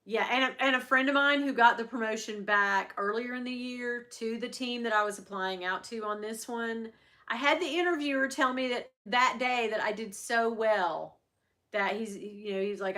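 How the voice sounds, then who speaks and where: A woman's voice: fairly high pitch, normal speed, bright, forceful tone. A middle-aged woman hosting a livestream, chatting candidly with viewers and swearing freely. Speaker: luxury handbag livestream host. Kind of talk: casual livestream chat.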